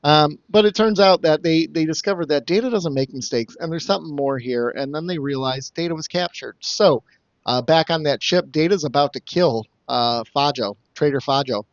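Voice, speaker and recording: A man with a somewhat high voice, chatting loosely on a podcast and acting out characters in throwaway mock voices. The sound is dull and lo-fi, with a dry, close feel. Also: moderate pace, no echo. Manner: rambling, jokey recaps with mock quoted voices. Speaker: podcast co-host summing up episodes. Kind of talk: casual podcast chat.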